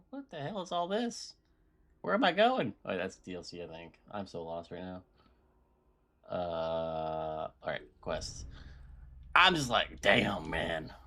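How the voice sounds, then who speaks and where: A man's voice: deep voice, sharp tone. A man streaming a game and ranting in frustration, laughing often as he talks to his chat. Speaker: gaming streamer. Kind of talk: live-stream commentary.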